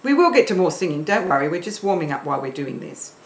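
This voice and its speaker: A woman singing teacher leading an online warm-up, encouraging and counting in her learners. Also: fairly low pitch, very animated, quick pace, echoey room.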